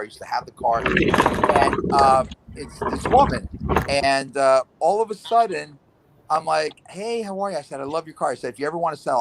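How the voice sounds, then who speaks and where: Casting: middle-aged male host, casual, heartfelt storyteller, mid pitch. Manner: storytelling, emotional, swears casually. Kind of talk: casual chat.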